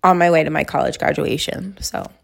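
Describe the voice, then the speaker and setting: Chatty young woman with vocal fry. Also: low voice, a little fast. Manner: chatty, rambling, many fillers. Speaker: vlogger answering question prompts. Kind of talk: casual chat.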